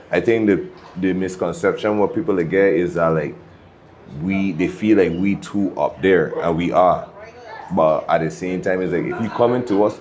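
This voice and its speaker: Deep-voiced Virgin Islands man, laid-back. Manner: laid-back, tags lines with "you check?", laughs often. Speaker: DJ and music producer. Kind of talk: casual interview storytelling.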